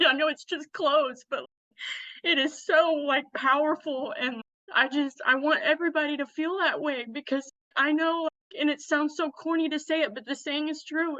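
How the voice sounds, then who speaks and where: A young woman guest telling her story in a casual interview, blunt and energetic, laughing often and close to tears. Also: sits high, no room sound, muffled recording. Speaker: guest, clothing designer.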